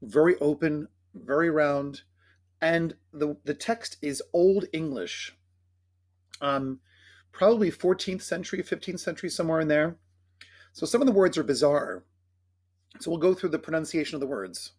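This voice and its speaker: A man teaching choir singers the words and phrasing of a carol, explaining pronunciation and singing short phrases to demonstrate. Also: a little high. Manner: coaching diction, speaking then singing phrases slowly. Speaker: choir director. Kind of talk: choral rehearsal instruction with sung demonstrations.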